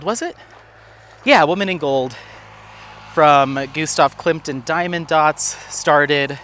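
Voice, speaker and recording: A crafting vlogger out on a walk chats casually for his vlog, rambling with plenty of fillers and coaxing his dog in a playful, raised voice. His voice is on the high side, bright and forceful, with a little hiss or hum.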